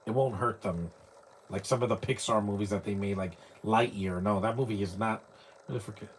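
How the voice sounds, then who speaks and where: A man giving casual live commentary while watching a movie, chatty and quick to laugh, with mocking asides. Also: lowish voice, slight background noise.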